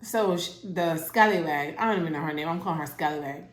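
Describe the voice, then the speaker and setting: A woman at home giving a casual, animated recap of a TV show, acting out the characters' lines as she goes. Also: sits low, fast. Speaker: TV show reviewer. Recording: roomy echo.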